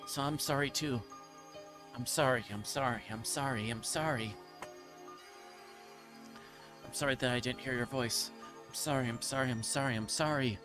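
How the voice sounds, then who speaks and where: A man's voice: medium pitch, natural voice. A man streamer reading aloud as a delirious, guilt-ridden young girl, repeating himself in anguish and stumbling over a few words. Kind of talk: dramatic reading of game text.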